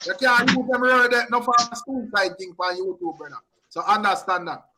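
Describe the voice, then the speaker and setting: A man hosting a casual panel talk, cutting in and repeating himself to calm others down. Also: sits high, fairly quick, crowd noise. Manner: talks over others, keeps repeating hold on.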